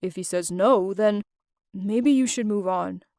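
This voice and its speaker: A woman voicing a gentle, caring young male friend who speaks softly and earnestly. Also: medium pitch, measured pace, dry recording, clean studio sound, voice pushed down, lightly acted. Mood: tender. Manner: soft, earnest.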